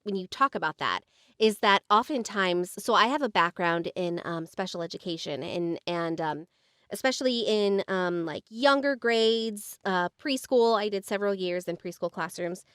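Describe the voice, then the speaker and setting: An American woman on a podcast, speaking casually and often pausing on "um" and "like" while she gathers her thoughts. Her voice sits at a middle pitch, and the recording is dry and close. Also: animated, a bit bright, clear, resonant tone, dry recording. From United States. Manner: hesitant, many "um" and "like". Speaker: podcast co-host, former special-education teacher. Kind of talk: casual chat.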